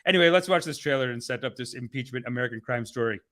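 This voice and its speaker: A man hosting a casual live stream, rambling and swearing excitably, often laughing mid-sentence. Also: medium pitch, racing. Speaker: host.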